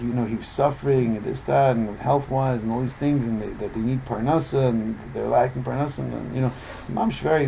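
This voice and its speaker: A man teaching an informal evening Torah class, telling stories with animated, loud bursts when he acts out quotes. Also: medium pitch, creaky, slight background noise, rough recording.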